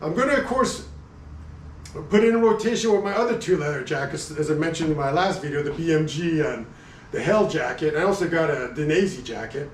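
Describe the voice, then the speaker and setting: A man's voice: a little high, brisk, roomy sound, far from the mic, slight background noise, low-quality recording. A middle-aged man giving a casual, rambling gear review. He chats freely and often stops to correct himself. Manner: rambling, chatty, self-correcting, laughs often. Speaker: motorcycle and gear vlogger. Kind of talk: casual product review chat.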